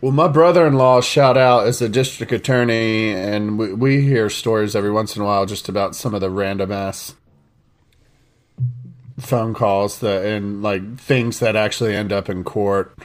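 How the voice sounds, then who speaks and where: A man co-hosting a podcast and playing a quiz, blunt and quick to swear. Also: on the low side. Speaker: podcast co-host, quiz contestant. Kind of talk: casual podcast banter.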